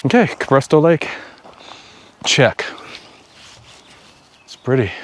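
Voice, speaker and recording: A man narrating a casual outdoor travel vlog, joking to himself while he explores a lake and drives a rough road. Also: mid-range voice, lively intonation, takes it slowly, pauses often, slight background noise. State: out of breath at altitude. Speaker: travel vlogger. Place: outdoors by a mountain lake and in a vehicle.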